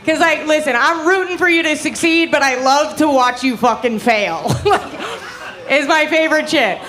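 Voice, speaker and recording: A woman's voice: high-pitched, moderate pace, fairly bright tone. A young woman doing a stand-up comedy set on a club stage, brash and profane, laughing at her own jokes. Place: comedy club stage before a live audience.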